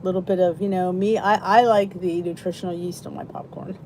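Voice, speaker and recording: A middle-aged woman with a warm, mellow voice hosts a relaxed livestream from a cozy room at home. She chats freely, greets viewers by name, and reacts to their comments. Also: lowish voice, fairly quick, slight background noise. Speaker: host of a live weight loss chat. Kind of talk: casual livestream chat.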